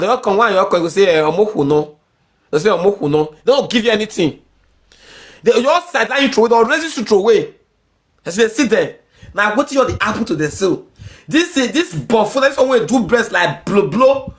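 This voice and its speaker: On the high side, this Nigerian-accented woman's voice carries an angry social media rant. She keeps repeating herself and mixes English with pidgin.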